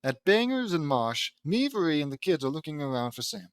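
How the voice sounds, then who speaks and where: A man's voice: fairly high pitch, big pitch swings, brisk, smooth. A man reading a fan-fiction audiobook aloud in a casual way, breaking off for amused asides to himself. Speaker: audiobook reader.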